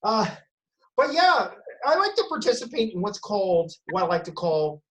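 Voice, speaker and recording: A man's voice: high-pitched, sing-song, a little fast, a bit bright, muffled recording. A man performing a stand-up comedy set from home over a video call. His delivery is profane and punchy, with self-corrections and sudden emphasis.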